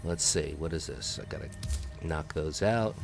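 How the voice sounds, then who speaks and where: A man's voice: very deep voice, moderate pace, vocal fry, over music. A man hosting a let's play, rambling between topics, joking and taunting the enemies he fights. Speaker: gaming video host.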